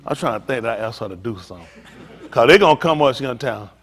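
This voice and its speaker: A man's voice: mid-range voice, lively intonation, very fast, a bit bright, big-room sound. An older man, a pastor, teasing a group and telling funny stories in a loose, joking way. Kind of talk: comedic storytelling to a group.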